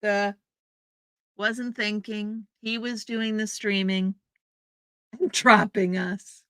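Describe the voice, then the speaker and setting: A woman hosting a live stream takes her time, greeting each viewer by name in a chatty, welcoming way. Her voice is bright, smooth and a little high. The sound is dry and close, with no room in it. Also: level tone, takes it slowly, no room sound. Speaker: livestream host. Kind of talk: casual chat reading out viewer comments. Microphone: streaming setup microphone.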